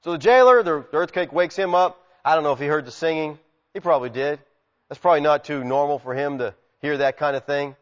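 A man preaching a sermon, animated, acting out quotes and swinging from loud shouts to quiet asides. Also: a little high, fairly quick. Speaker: pastor. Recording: muffled sound with long hall reverb.

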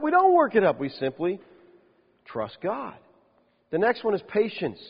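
A man preaching a sermon as a pastor, lively, with rhetorical questions and dry humorous asides. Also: high voice, a little fast, slightly rough. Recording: dull lo-fi sound with long reverb.

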